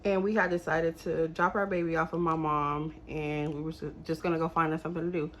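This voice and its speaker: A young woman telling a story to her viewers in a casual, animated, exasperated way. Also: deep voice, brisk, a little hiss or hum.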